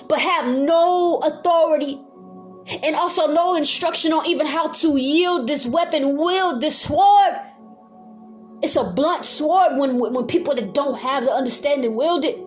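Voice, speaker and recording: A woman delivers a fiery sermon from home. Her voice sits high, and she moves from calm teaching into zealous yelling. Soft music plays faintly under her. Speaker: Bible teacher.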